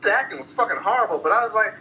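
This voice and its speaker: Guy ranting bout a movie, cussing nonstop, voice jumps all over, real bright edgy tone, faint hum behind. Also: high-pitched, racing, lo-fi sound. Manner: animated, profane, acts out quoted lines. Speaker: movie reviewer. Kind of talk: casual profane movie rant.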